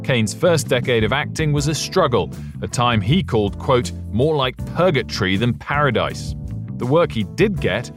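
Man narrating over plucked guitar music. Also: medium pitch. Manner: measured, even storytelling read. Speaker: podcast narrator. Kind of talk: scripted documentary narration.

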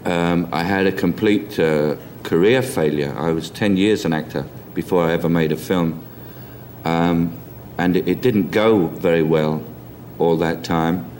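A man with a Cockney accent, reflecting in an interview and pausing with many ums. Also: low-pitched, a little mellow, a little hiss or hum. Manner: hesitant, many ums and restarts. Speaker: interview guest.

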